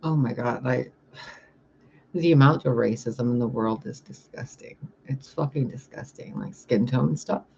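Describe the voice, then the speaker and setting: A woman telling stories on her vlog in a casual, animated way, swearing freely and laughing as she talks. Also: very deep voice, measured pace, gravelly, a little hiss or hum. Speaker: vlogger. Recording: dull lo-fi recording.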